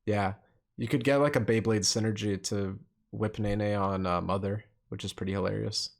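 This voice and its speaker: A man's voice: fairly low pitch, steady tone, moderate pace, gravelly. A man in his twenties hosting a casual podcast chat, laid-back and rambling, swearing freely as he tells stories. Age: 20s. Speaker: podcast host.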